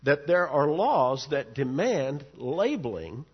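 Male pastor, expository sermon, husky voice, very animated pitch, dull lo-fi recording. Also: slow pace. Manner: earnest, emphatic, rising to stress key words.

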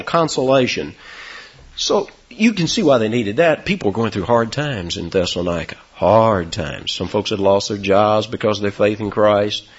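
Man, sermon, husky voice, lively swooping pitch, dull lo-fi recording. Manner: animated preaching with sudden high, loud emphasis. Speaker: pastor.

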